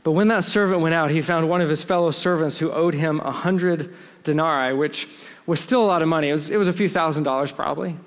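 A man's voice: on the high side, quick pace. A man with a slightly raised voice preaches a sermon, explaining the text conversationally and breaking into asides. His words ring out with a long reverb, as if spoken in a big hall. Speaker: pastor.

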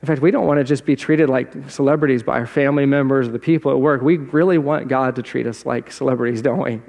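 A man's voice: mid-range voice, steady tone, fast talker, gravelly, darkish tone, long reverb tail, highs cut off. A man preaching a conversational sermon in a church, asking the congregation questions as he goes. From South Jersey. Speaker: pastor. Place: church sanctuary.

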